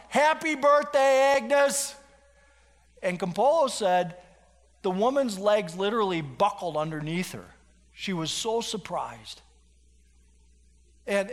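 A male pastor tells a story in his sermon, animated and full of restarts. His voice sits fairly high and rings through a hall with long reverb.

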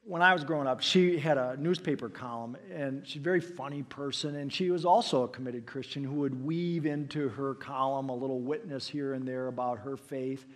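A middle-aged man preaching a sermon as pastor, telling stories and swinging between loud emphasis and hushed asides. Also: medium pitch, fairly quick, few pauses.

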